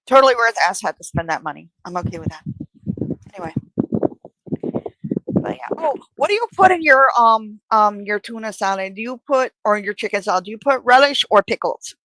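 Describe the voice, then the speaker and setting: A woman's voice: medium pitch, lively intonation, brisk, bright, forceful tone, a little hiss or hum, poor audio. A woman chatting casually as a stream co-host, talkative and swearing casually. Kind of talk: casual chat.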